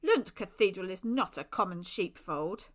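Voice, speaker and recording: A stern male priest ordering people out in a loud, commanding voice, as a woman reading a storybook puts him on. He is clipped and firm. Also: mid-range voice, animated, moderate pace, lightly acted.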